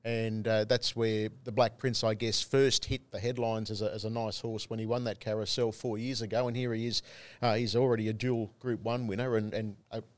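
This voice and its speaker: A man's voice: on the low side, little pitch movement, fairly quick. A man co-hosting a racing podcast, talking knowledgeably about horses with a wry touch. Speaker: race caller and co-host. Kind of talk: casual chat.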